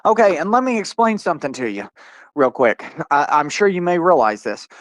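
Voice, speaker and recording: A man's voice: a little high, dry recording. A man in a heated podcast conversation, telling his story in an angry, profane rush and acting out his own retorts. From Oklahoma.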